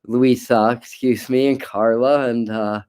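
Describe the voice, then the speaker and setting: A man's voice: medium pitch, fairly even intonation, measured pace, darkish tone, smooth. A man hosting a live tarot stream, talking casually and rambling with frequent restarts and repeated words. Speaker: tarot reader and livestream host.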